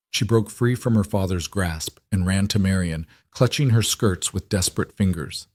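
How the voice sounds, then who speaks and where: A man reading a romance story aloud as scripted narration, steady and even. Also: low-pitched, normal speed, few pauses, dry recording, studio quality. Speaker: audiobook narrator.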